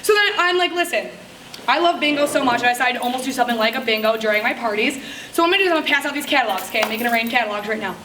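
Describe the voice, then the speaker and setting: A high, bright-voiced woman speaks to a summit crowd in a lively, chatty way and slips into playful bits of party small talk. She is heard from a distance across a roomy hall with echo, and there is a faint hum of ambience behind her. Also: rapid-fire. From upstate New York. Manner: chatty and upbeat, acts out party small talk, laughs often. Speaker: direct sales speaker at a summit. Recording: echoey hall, mic from a distance.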